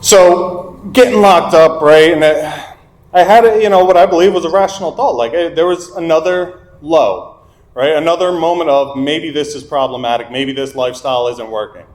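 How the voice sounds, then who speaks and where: A man's voice: a little high, moderate pace, darkish tone. A young man telling a frank, self-mocking story of his drinking to a recovery meeting, acting out what people said. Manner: candid and self-mocking, quotes people in dialogue. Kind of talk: personal recovery story told to a group. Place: meeting room. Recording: echoey meeting room.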